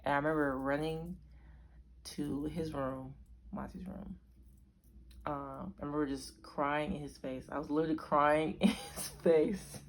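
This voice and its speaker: A woman's voice: deep voice, level tone, measured pace, a little hiss or hum. A young woman from Arizona telling a story to camera in a rambling, chatty way that keeps correcting itself. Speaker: vlogger.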